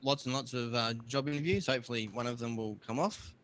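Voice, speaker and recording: A young man co-hosts a tech podcast and keeps things easygoing. He leans on fillers and reads dates out carefully. His voice sits at a middling pitch. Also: quick pace, fairly bright tone. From Australia. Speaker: podcast co-host. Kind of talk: casual chat, reading notes.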